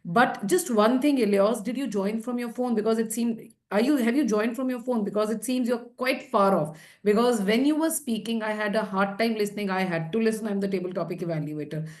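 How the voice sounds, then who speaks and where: A woman's voice: fairly high pitch, fairly quick, hardly any pauses, a little mellow. A woman from India giving encouraging feedback as a table topics evaluator in an online club meeting.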